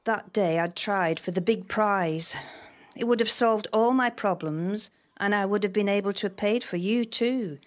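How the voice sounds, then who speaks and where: A woman reading the lines of a remorseful female cousin who confesses quietly and haltingly. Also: mid-range voice, lightly acted. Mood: ashamed.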